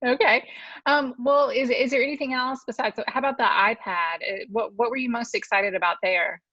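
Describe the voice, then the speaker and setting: A woman's voice: on the high side, fairly even intonation, normal speed, bright, forceful tone, dull audio. A woman interviewing a colleague in a casual chat, asking curious, friendly questions.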